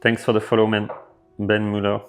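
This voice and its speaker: Low-voiced French-accented male developer streamer. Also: fairly quick. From France. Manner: relaxed, filler-heavy, thinking aloud. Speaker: livestream host, developer. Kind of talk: casual livestream chat answering viewers. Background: faint background music.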